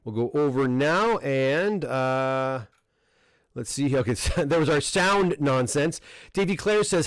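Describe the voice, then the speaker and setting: A middle-aged man with a Canadian accent hosts a casual live unboxing, talking in an easygoing, meandering way full of restarts and fillers. His voice sits at an ordinary middle pitch. It is recorded close on a desk microphone in a dry room. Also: takes it slowly, no echo. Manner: relaxed, rambling, frequent restarts and fillers. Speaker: comic book dealer and host. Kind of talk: casual livestream unboxing chat.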